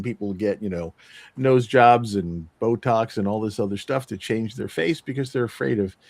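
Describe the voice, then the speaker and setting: An effusive man hosts a podcast interview, full of enthusiasm for his guests. His voice sits at a middle pitch for a man. The sound is dry, with no room around it. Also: a little mellow, no echo. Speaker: podcast host.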